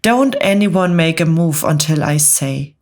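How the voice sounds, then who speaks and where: A woman softly voicing a flustered male fire chief in a whispered role-play bedtime story. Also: sits low, lively intonation. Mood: alarmed. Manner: soft, slow, gentle.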